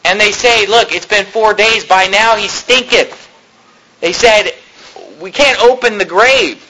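High, bright-voiced man preaching a sermon. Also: measured pace, a little hiss or hum, low-quality recording. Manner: retells scripture in plain conversational terms, rhetorical questions.

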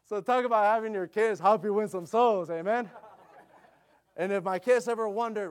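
In a high voice and at a moderate pace, a man preaches, recounting a missionary tale conversationally with many fillers. He regularly turns loud and emphatic.

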